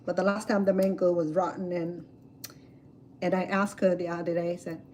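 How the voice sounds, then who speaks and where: A woman's voice: fairly low pitch, moderate pace, low-quality recording. Woman vlogger, chatty storyteller, cooking outside on a camera mic with faint noise behind. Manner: chatty, animated storytelling with fillers. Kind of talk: casual chat while cooking. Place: outdoors at a home grill.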